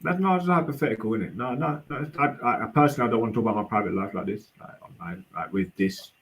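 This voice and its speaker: A man's voice: on the low side, fast talker, poor audio. A young man on a livestream panel, rambling and hesitant, full of restarts and fillers. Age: young adult. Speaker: panel guest. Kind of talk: casual debate.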